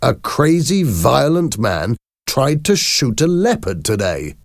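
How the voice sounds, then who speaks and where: A man voicing a cheerful, mischievous father in a storybook reading, with a raised, bright delivery. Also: medium pitch, very animated, slow pace, creaky, dry recording, studio quality, voice pushed up, full character voice. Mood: teasing. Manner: bright, teasing, laughing.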